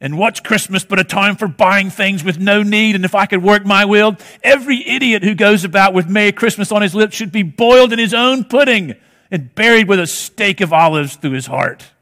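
A man's voice: high voice, normal speed, sharp tone, voice pushed up. A man voicing a miserly, cold-hearted old male creditor in a put-on British accent, drawn out and scornful, in a reverberant hall. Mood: contemptuous. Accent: British, put on badly.

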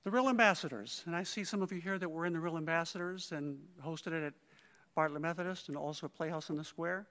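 A male conductor gives a heartfelt eulogy at a memorial, telling stories and often quoting others. His voice is a little high, pushed, and bright, and he talks fast. A large hall's long reverb surrounds him.

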